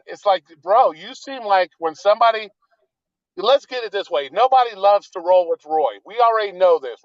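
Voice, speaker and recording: A man's voice: sits high, no echo. A man calling into a live show, criticizing the host in a blunt, profane, confrontational way. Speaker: caller. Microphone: remote call-in. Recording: dull, dry remote call audio.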